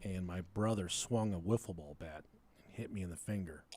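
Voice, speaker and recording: A man's voice: deep voice, moderate pace, darkish tone, a little hiss or hum. Crude, profane man telling a story. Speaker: podcast co-host. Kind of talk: casual chat.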